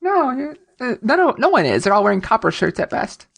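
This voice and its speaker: A woman with a gravelly, fry-laden voice co-hosts a casual podcast, recapping an episode in a chatty, easygoing way. She laughs readily as she talks. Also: medium pitch, wildly swooping pitch, fairly quick. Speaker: podcast co-host.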